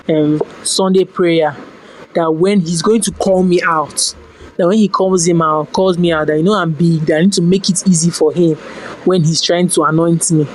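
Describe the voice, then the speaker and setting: A Nigerian woman appears as a podcast guest, telling a personal story in lively, casual talk that slips into pidgin phrases and frequently restarts sentences. Her voice is lowish, and the low-quality recording has a little hiss or hum.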